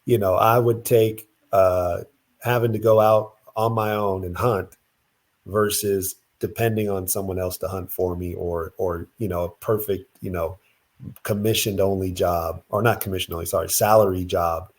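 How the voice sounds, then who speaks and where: A man with a somewhat low voice chats casually on a podcast. He is agreeable and a little hesitant, with frequent fillers. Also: steady tone, moderate pace.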